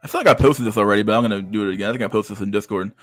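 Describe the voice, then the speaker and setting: A man's voice: on the low side, rapid-fire, soft background music. A man casually commenting on memes on a livestream, profane and rambling, with frequent stammered restarts. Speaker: streamer reacting to memes.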